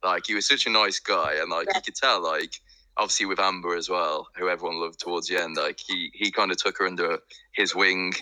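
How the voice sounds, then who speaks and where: A man's voice: deep voice, steady tone, a little fast, pushed and bright, no echo, poor audio. A man chatting casually as a guest, rambling with lots of fillers. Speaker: podcast guest. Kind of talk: casual chat.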